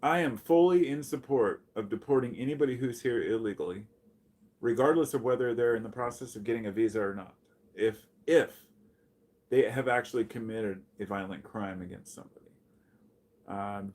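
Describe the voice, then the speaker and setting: A man talking bluntly and profanely on a casual livestream, reading and answering his chat. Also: fairly low pitch. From United States. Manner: blunt, profane, animated when greeting chatters. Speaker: live streamer.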